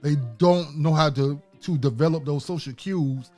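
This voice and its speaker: A man co-hosting a podcast who tells stories in a lively way and laughs easily. His voice sits a little high. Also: normal speed, faint music behind. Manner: lively storytelling, laughs often. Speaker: podcast co-host. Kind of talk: casual chat.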